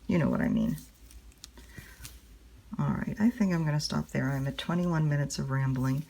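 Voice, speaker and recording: A woman with a very low, gravelly voice chats casually as she stitches. Her tone is husky and a little rough, and she rambles along with plenty of fillers, talking straight to her viewers. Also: wildly swooping pitch, moderate pace, mellow. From United States. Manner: rambling, chatty, with many fillers. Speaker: cross-stitch vlogger.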